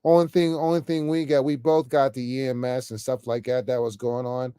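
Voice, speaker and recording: A man's voice: medium pitch, little pitch movement, fairly quick, warm tone, clear, resonant tone, dry recording, studio quality. A man giving an off-the-cuff political rant to camera, emphatic and repetitive, stammering often and ending phrases with "man". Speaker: political commentator vlogger.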